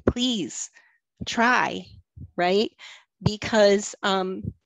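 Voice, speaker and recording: Program coordinator, woman, friendly conversational panel talk, some vocal fry, dry sound. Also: mid-range voice, drawn-out words, dry recording, rough recording. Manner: conversational, encouraging, "you know" and "right?".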